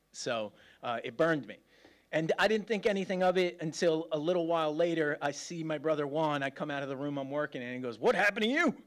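A man delivering a sermon in a loose, conversational way. He jokes at his own expense and laughs along with the congregation. His voice sits a little high for a man. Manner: casual, joking and self-deprecating preaching, laughing often. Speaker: pastor.

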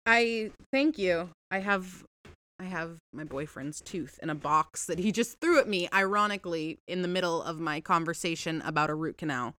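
A woman's voice: on the low side, moderate pace, no echo. A woman hosting a podcast, telling a story in casual chat with lots of swearing and rambling asides, at home. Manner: profane, rambling and animated. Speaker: podcast host.

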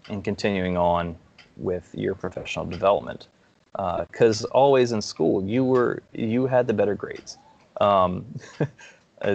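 A man with a very low, gravelly voice speaks earnestly as a podcast guest. He talks in a casual, heartfelt way, often pausing on "um". The recording sounds slightly dull and lo-fi. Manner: earnest, heartfelt praise with many "um"s. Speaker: guest, licensed counselor.

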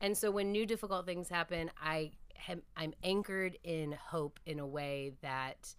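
A woman's voice: fairly low pitch, measured pace, clear, resonant tone, no echo. A woman speaking as a podcast guest, telling reflective, earnest stories about her faith in a conversational interview.

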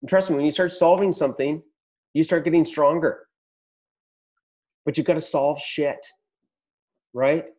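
A man's voice: fairly high pitch, steady tone, measured pace, pauses often, darkish tone. A man hosting a podcast, giving a blunt, profane motivational pep talk to business owners. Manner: blunt, swears a lot, pep-talk energy. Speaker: podcast host.

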